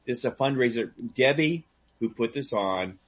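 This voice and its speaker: A man telling a long story in casual chat, animated and laughing, acting out the people he quotes. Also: medium pitch, normal speed. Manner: animated, acts out quoted voices, laughs a lot. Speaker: guest storyteller; DJ and karaoke host. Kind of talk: casual storytelling on a call-in talk show.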